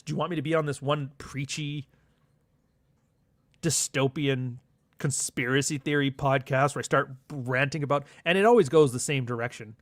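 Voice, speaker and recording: A man's voice: a little high, moderate pace, a bit bright, dry recording, studio quality. A young man, hosting a livestream in a sardonic, profane, rambling monologue. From Canada. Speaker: livestream host. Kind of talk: casual ranting monologue.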